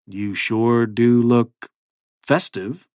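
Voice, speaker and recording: A man voicing a friendly off-duty male priest in an easygoing, gently amused way. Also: mid-range voice, fairly even intonation, drawn-out words, no echo, studio quality. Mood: genial.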